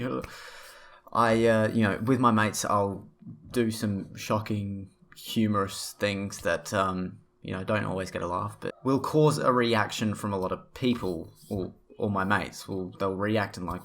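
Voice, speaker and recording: A man's voice: on the low side, moderate pace, a bit bright. A young man talking to camera in a casual opinion vlog, rambling and blunt, swearing freely. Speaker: vlogger.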